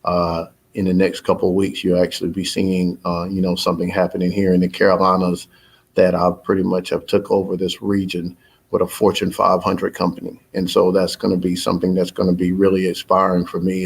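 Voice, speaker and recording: A man's voice: low-pitched, monotone, a little fast, gravelly, slightly rough. A man, likely in his thirties, giving a rambling, motivational update to his followers about his business, with many fillers and restarts. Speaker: business owner addressing followers. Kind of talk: casual spoken update.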